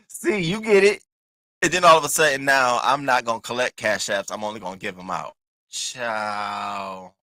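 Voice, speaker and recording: A man hosting casual gossip commentary, animated and sassy, cussing freely and jumping into high squealing bursts. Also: no echo. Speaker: commentary host.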